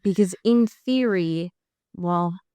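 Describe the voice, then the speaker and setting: Wry woman podcast co-host, smooth voice. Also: lowish voice, slow, mellow, no echo. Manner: chatty, wry, sighs and laughs while recapping. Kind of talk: casual chat.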